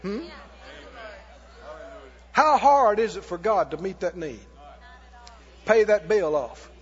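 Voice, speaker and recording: A male pastor preaching a sermon in a church, animated, with mock laughter and shouts. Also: high-pitched, slow, breathy edge, in a large hall, dull audio.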